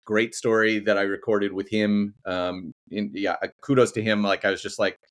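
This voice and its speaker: A man's voice: fairly low pitch, little pitch movement, normal speed. A young adult man co-hosting a podcast in casual chat, rambling with frequent restarts and casual swearing. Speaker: podcast co-host.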